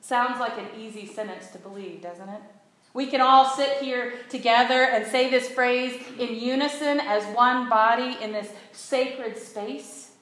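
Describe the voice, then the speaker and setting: A woman preacher with a slightly high voice gives an earnest sermon and leads her congregation in call-and-response. Her words bounce around a big, very echoey church hall. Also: fairly even intonation, unhurried, fairly bright tone. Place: church sanctuary.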